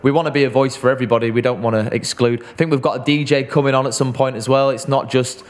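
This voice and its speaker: A man co-hosts a podcast in casual chat, rambling with fillers and restarts. His voice is medium-pitched, steady in tone, and fast.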